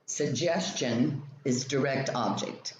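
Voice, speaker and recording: Slow, methodical male grammar teacher. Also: medium pitch. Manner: slow, methodical explanation with example sentences. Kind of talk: reading a grammar textbook lesson aloud. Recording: roomy, dull lo-fi sound with faint ambient noise.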